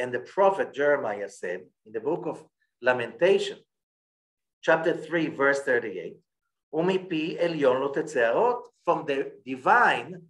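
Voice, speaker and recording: A rabbi teaching a Torah class, who rattles off Hebrew passages quickly and then explains them in English, often checking in with listeners. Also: male voice, on the high side, fairly bright tone. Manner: checks in with listeners by saying "okay?".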